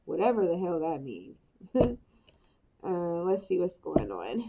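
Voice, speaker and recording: A woman's voice: lowish voice, big pitch swings, takes it slowly, creaky. Chatty woman tarot reader, muffled mic. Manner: candid, laughs often, swears casually. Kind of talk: casual spiritual reading. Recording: muffled mic with noticeable hiss.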